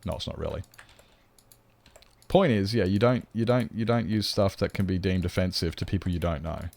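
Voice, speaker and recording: Gravelly and low-pitched with a darkish tone, an Australian streamer rambles at normal speed, swearing bluntly as he chats to his viewers while gaming in a casual live stream.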